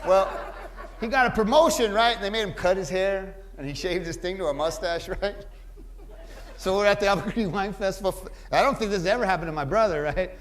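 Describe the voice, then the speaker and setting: High-voiced man telling a stand-up story. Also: a little fast. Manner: conversational, keeps asking "right?". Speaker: stand-up comedian. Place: indoor venue with a live audience. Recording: live room with noisy crowd.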